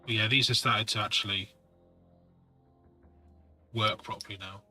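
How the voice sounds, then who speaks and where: A man's voice: fairly low pitch, fairly even intonation, a little slow, over music. A man talking casually through miniature painting tools, rambling with practical asides. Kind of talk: casual hobby tutorial talk.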